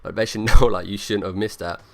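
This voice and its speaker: A man's voice: lowish voice, steady tone, brisk, a bit bright, dry recording. A young man rambling through casual gameplay commentary, leaning on lots of fillers. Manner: rambling, filler-heavy, talks over gameplay. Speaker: gaming YouTuber.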